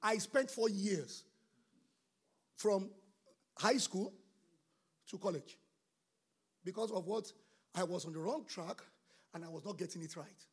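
A middle-aged man, preaching a sermon as pastor, swinging from shouted bursts to quieter storytelling. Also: high-pitched, measured pace, pauses often, breathy edge.

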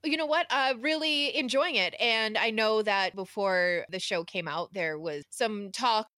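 A woman's voice: mid-range voice, unhurried, bright, forceful tone, no echo, studio quality. A woman co-hosting a casual podcast, talking in an easygoing, chatty way and laughing readily. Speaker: podcast co-host.

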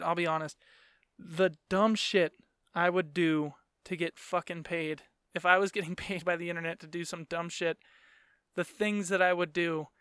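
A man's voice: high-pitched, fairly bright tone, clean tone, no echo, studio quality. A man in his thirties hosting a casual solo podcast, rambling, swearing freely and laughing mid-sentence, often tagging his points with "right?". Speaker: podcast host.

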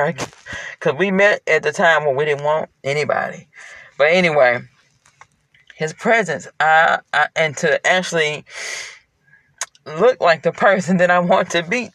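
A man's voice: a little high, a bit bright, no echo. A man talking to his partner from inside a car, in a heartfelt, rambling personal monologue full of fillers. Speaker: parent speaking to a partner.

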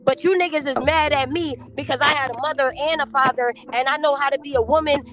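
A woman's voice: high-pitched, fairly even intonation, fast talker, fairly bright tone. A woman on a podcast, ranting in a brash, profane, confrontational way. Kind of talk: heated casual podcast talk.

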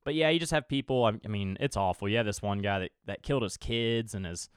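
A man's voice: lowish voice, fast, clean tone, no echo, clean studio sound. A young man hosting his own podcast alone, rambling casually, swearing freely and chuckling now and then. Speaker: podcast host. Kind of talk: casual solo podcast chat.

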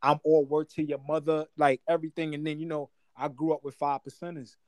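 Here a man from Guyana, in his forties, laughs his way through slang-filled stories in a relaxed, lively chat. He speaks a bit high and a bit fast, with no echo in the recording.

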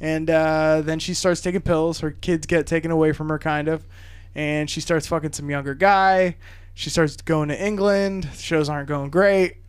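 A man with a somewhat raised voice talking loosely among friends. He sums things up flatly and offhandedly, dropping in easy agreement as he goes. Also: on the high side, moderate pace, smooth. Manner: laid-back, dismissive summaries, frequent "yeah". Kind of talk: casual chat.

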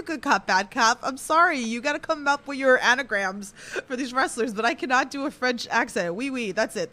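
Bright, lively giggly woman host. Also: on the high side. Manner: giggly, reads chat questions aloud. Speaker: podcast host. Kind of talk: casual podcast chat.

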